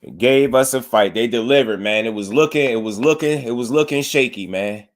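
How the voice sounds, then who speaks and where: A young man hosting a casual boxing livestream, animated and slangy, talking straight to his chat. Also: mid-range voice, fairly quick.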